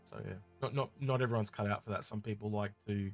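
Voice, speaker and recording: A man's voice: lowish voice, fast, soft background music. Easygoing male co-host reading viewer questions. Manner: relaxed, trailing off, musing aloud. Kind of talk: casual podcast chat.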